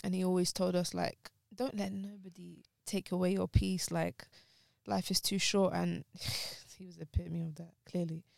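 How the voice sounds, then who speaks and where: A woman's voice: on the low side, little pitch movement, moderate pace, vocal fry, few pauses, a little mellow, no echo. A woman co-hosting a casual podcast chat, speaking openly and emotionally while grieving, her voice close to tears. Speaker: podcast co-host.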